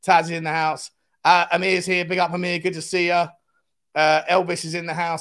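A man's voice: sits high, flat delivery, moderate pace, fairly bright tone. A man, hosting a casual live fan stream, chatting and greeting viewers by name as he reads the chat aloud.

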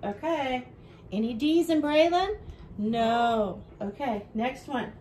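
A woman teaching a home video lesson for young children, with a bright sing-song teacher voice that goes slow and clear for the kids. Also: high voice, a little hiss or hum, low-quality recording.

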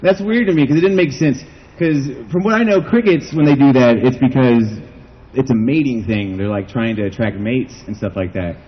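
A man's voice: medium pitch, moderate pace, dull audio. A man from the United States doing a stand-up comedy set at an outdoor backyard show, rambling and self-deprecating, saying "like" a lot.

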